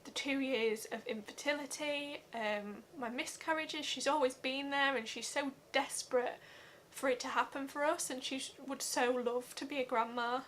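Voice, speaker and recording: Bright-voiced young woman vlogging. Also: high-pitched, slight background noise. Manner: earnest, halting, many fillers. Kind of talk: personal vlog update.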